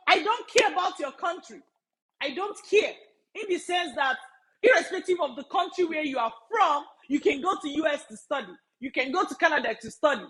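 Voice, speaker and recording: A woman with a high voice talks straight to her viewers as a study-abroad mentor. She is emphatic, drives her points home by repeating them, and breaks into laughter now and then. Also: a bit bright, rough recording. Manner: emphatic, repeats key phrases, laughs often. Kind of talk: casual live-stream talk to viewers.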